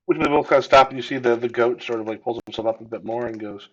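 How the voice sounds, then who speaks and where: A man's voice: medium pitch, quick pace. A man running a tabletop game as game master, narrating with lots of fillers and hesitations. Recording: dull lo-fi audio.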